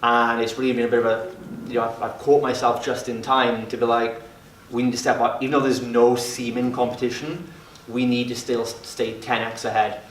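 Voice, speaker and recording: A man's voice: mid-range voice, level tone, fairly quick, a little hiss or hum. A man leading a mastermind group for gym owners, talking in a brash and profane way. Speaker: fitness business mentor. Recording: roomy sound from a distant mic.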